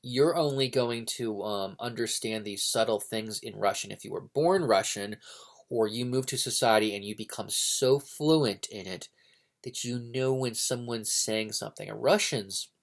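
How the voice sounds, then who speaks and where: Guy rambling through a book review, lots of um and like, mid pitch. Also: moderate pace. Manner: rambling, lots of fillers and restarts. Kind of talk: casual unscripted book review.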